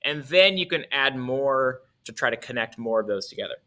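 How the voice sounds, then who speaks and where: A man's voice: mid-range voice, expressive, moderate pace. A male music teacher explaining articulation in a casual way, correcting himself as he goes and demonstrating on his instrument.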